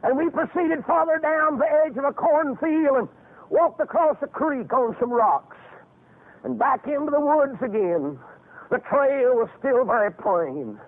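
An older preacher with a high, lively voice that climbs and swoops as he rises into fervent shouts. His tone is husky, and the narrow, phone-like sound thins it out further. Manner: fervent, rising into shouts with drawn-out phrases. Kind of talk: revival sermon with storytelling.

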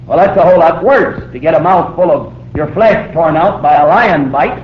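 Man preaching a sermon, slightly high voice, emphatic storyteller; dull, echoey old recording with faint noise. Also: lively intonation, normal speed, hardly any pauses. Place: hall with a live audience.

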